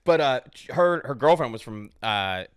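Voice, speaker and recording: A man co-hosting a comedy podcast, trading quick, laughing banter with his comedian friends. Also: mid-range voice, lively intonation, clear, resonant tone, no echo, studio quality. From Pittsburgh area. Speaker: podcast co-host. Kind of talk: casual podcast chat.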